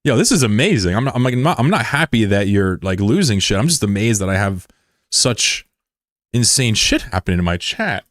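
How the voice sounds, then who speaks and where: A man in his thirties from the United States, chatting casually on a live stream with swearing and sudden high yelps of surprise. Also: very animated, a little fast, a bit bright, no echo, clean studio sound. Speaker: game streamer.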